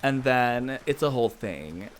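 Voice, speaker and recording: A man's voice: medium pitch, a little hiss or hum. A man streaming a game, chatting casually with his viewers, giggling often and answering chat aloud. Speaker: Twitch streamer.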